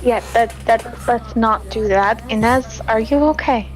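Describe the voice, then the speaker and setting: A woman player describing her character's actions at a tabletop game in a brisk, decisive way. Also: fairly high pitch, fairly even intonation, low-quality recording. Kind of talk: casual in-character banter.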